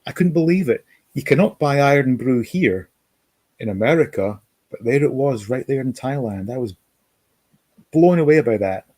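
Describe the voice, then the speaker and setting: Man, livestream host, mellow dark voice, husky, dry close sound. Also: mid-range voice, lively intonation, moderate pace, long pauses, dry recording. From Scotland. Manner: rambling, reads out chat comments and reminisces. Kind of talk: casual livestream chat. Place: home, lives in America.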